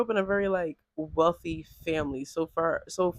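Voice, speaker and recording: A woman talking casually to camera in a vlog, chatty and animated, peppering her speech with "like". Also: low-pitched, moderate pace, dry recording. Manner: chatty and animated, heavy use of "like". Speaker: vlogger.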